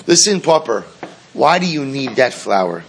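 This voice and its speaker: A man's voice: medium pitch, sing-song, measured pace, slight background noise. A man voicing a pushy, well-dressed rich man who insists on bargaining. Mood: insistent.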